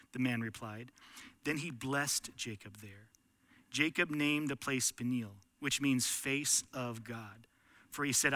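A man's voice: a little high, sharp tone, no room sound. A man preaching a sermon, earnest, rising to impassioned pleading as he voices prayers. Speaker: pastor.

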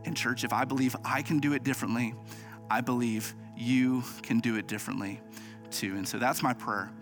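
A man's voice: medium pitch, fairly even intonation, normal speed, over music. A man, an associate campus pastor, giving a sermon in an earnest, humble way with frequent small restarts.

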